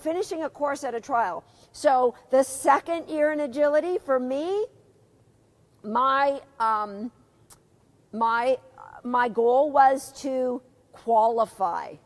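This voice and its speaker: A woman's voice: sits high, animated, slow pace. A middle-aged woman teaching a live dog agility seminar, chatty, asking her students questions and reading out their comments.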